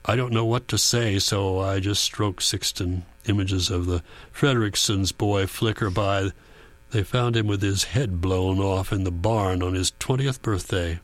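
A man reading a first-person audiobook in a quiet, measured, reflective way. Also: on the low side, dry recording. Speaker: audiobook narrator. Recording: dry booth with faint mains hum.

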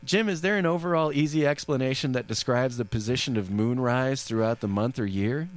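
A man's voice: medium pitch, brisk. A man hosting a radio call-in show, with a jokey, easygoing manner. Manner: jokey and easygoing, laughs along with callers. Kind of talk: casual radio talk.

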